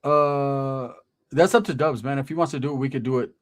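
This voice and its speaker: A man's voice: medium pitch, fairly quick. A man hosting a live stream in casual chat, laid-back, greeting chat and hyping viewers. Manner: laid-back, reads chat names aloud, hypes viewers.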